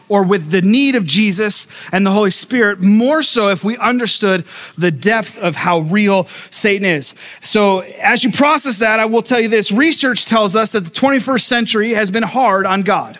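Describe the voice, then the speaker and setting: High-voiced man preaching a sermon. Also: a bit bright. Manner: conversational, asks the congregation questions. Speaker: pastor. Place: church sanctuary with a live congregation.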